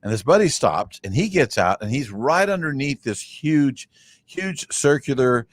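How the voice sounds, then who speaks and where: Male radio host, loose rambling storyteller, lively up-and-down voice, dry close sound. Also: medium pitch, unhurried, no echo. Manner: rambling storyteller, many restarts. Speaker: podcast host. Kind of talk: casual chat.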